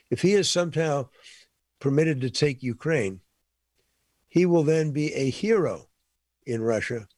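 A man's voice: medium pitch, a little mellow, no room sound, studio quality. A man giving impassioned political commentary, emphatic and repeating his points for force.

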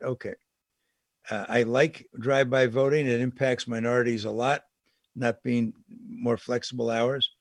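A man talking politics in a conversational way, indignant and emphatic. His voice sits at an ordinary middle pitch. The sound is dry and close, with no room echo. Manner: indignant and emphatic, with sarcastic asides. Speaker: political commentator.

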